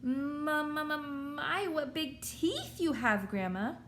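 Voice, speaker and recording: A woman's voice: a little high, sing-song, a little slow, fairly bright tone, slight background noise, exaggerated voice. A woman voicing a sweet, trusting little girl who sounds eager and wide-eyed in a storybook reading. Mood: innocent.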